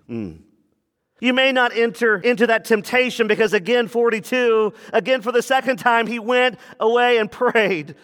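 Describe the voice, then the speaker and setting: With a high voice, wide pitch swings and a moderate pace, a pastor gives an expository sermon that moves between quiet remarks and raised preaching. He calls out for the congregation's answers and leans on repetition for emphasis, recorded with the long reverb of a large room.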